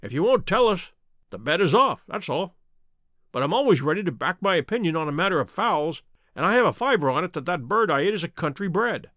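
A man voicing a calm, cunning detective who speaks in an offhand, dry manner. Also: high voice, brisk, dry recording. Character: cool, cunning male detective, composed. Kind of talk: audiobook character reading.

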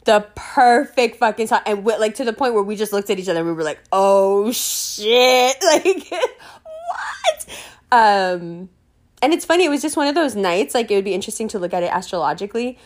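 A young woman from New York City telling a story in casual chat, animated and full of laughter, with lots of fillers and swearing. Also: medium pitch, quick pace.

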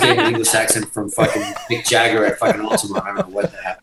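A man of middle pitch tells a rambling story as a guest in a casual chat. He is animated and swears heavily, restarting sentences as he goes. The room around him is echoey. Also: brisk, creaky, over a noisy crowd. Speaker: guitarist guest.

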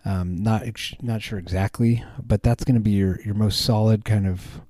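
A man's voice: fairly low pitch, fairly even intonation, moderate pace, mellow, no echo. A man hosting a podcast, chatting casually in a rambling way with many ums and restarts. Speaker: podcast host. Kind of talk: casual chat.

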